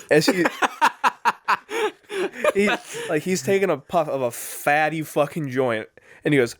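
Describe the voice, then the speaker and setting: A man's voice: on the high side, animated, takes it slowly, no echo, clean studio sound. A man in his twenties co-hosting a podcast, telling a long story in casual chat, laughing often, swearing and acting out the people he quotes. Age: 20s. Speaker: podcast co-host.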